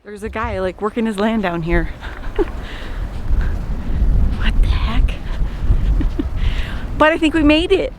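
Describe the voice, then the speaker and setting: A woman's voice: on the high side, sing-song, takes it slowly, pauses often, noisy background. Chatty woman vlogging outdoors. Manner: chatty, laughs often, enthusiastic. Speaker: travel vlogger. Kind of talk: casual vlog narration. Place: outdoors on a hike, then in town.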